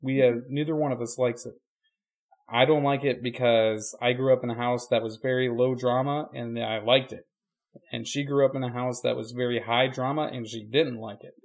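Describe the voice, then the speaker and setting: An easygoing preacher co-hosting a podcast, he thinks out loud in a relaxed, reflective way. He drops dry, deadpan jokes into the conversation. His voice sits in a middle register for a man. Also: mid-range voice, moderate pace. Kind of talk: casual chat.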